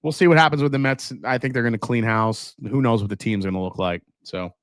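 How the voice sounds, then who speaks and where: A man's voice: mid-range voice, fairly even intonation, fast, no room sound, clean studio sound. A man hosting a casual live stream, chatting loosely and laughing as he reads viewer comments aloud. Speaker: whiskey livestream host.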